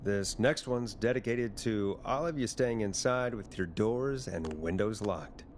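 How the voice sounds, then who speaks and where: An actor playing a weary, sardonic late-night radio DJ, slipping between smooth on-air patter and exasperated asides. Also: male voice, lowish voice, a little slow, a little hiss or hum, lightly acted. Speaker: radio host.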